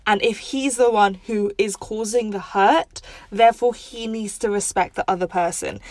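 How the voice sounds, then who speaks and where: A woman's voice: medium pitch, no echo. A woman hosting a show, giving relationship advice in a direct, analytical and firm way. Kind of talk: explanatory advice commentary.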